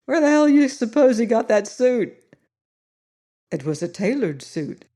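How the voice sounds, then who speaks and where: A woman voicing a brash, wisecracking male television man in an audiobook reading, loud and mocking. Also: on the low side, expressive, moderate pace, natural voice.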